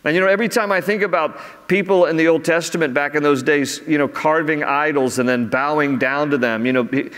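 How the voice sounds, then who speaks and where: A man's voice: a little high, fairly even intonation, brisk, few pauses, fairly bright tone, clear, resonant tone, long reverb tail. A man, preaching earnestly as a pastor and rising in emphasis on key phrases. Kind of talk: sermon. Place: church sanctuary.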